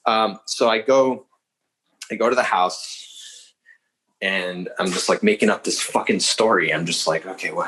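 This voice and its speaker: A man's voice: lowish voice, pushed and bright, low-quality recording. A young man telling a story as a podcast guest, rambling casually with lots of fillers and swearing. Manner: swears freely, fast rambling with many fillers.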